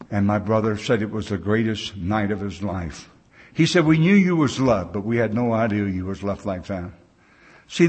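A man's voice: fairly low pitch, breathy edge. A man in his sixties speaking at a recovery meeting, telling stories in a folksy, plain-spoken way with loose grammar.

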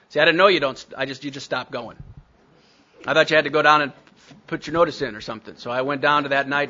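A man's voice: mid-range voice, sharp tone, dull audio. A man telling his recovery story to a meeting, blunt and self-mocking. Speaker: speaker sharing recovery story.

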